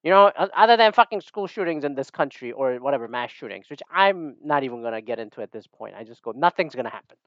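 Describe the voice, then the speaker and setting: A man talking casually and at length, rambling and animated and swearing freely. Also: mid-range voice, fast, no room sound, dull audio. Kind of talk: casual opinion monologue.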